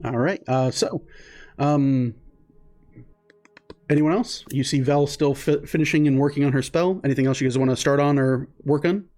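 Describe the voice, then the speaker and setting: A man narrating as game master in a relaxed, loose way with frequent fillers. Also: mid-range voice, normal speed.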